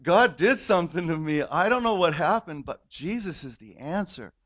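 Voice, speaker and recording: A man's voice: fairly high pitch, lively intonation, normal speed, a bit bright. A man telling a heartfelt personal testimony in church, earnest storytelling that swells when he is moved. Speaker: guest giving testimony.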